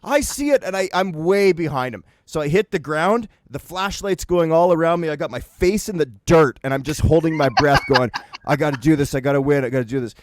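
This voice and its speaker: A man's voice: fairly high pitch, fairly quick. Laid-back Canadian man telling a story. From Winnipeg, Canada. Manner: animated, laughing, acting out quoted friends. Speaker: podcast co-host telling a story. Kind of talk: casual storytelling on a podcast.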